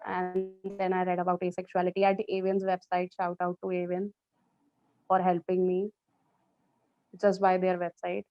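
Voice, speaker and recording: A woman's voice: on the low side, monotone, normal speed, no room sound, muffled recording, faint music behind. Candid young woman, joking. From India. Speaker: panel speaker. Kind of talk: personal testimony at an online panel.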